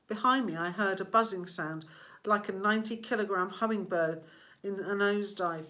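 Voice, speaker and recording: A woman narrating a story aloud in a slow, deliberate reading voice. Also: medium pitch, bright, forceful tone. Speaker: audiobook reader. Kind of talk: scripted narration.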